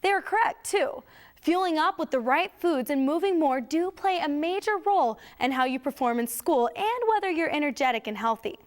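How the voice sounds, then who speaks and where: A woman's voice: sits high, lively intonation, moderate pace. A woman cheerleader hosting the program, who speaks to the audience with enthusiasm as she wraps up. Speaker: cheerleader host wrapping up the show.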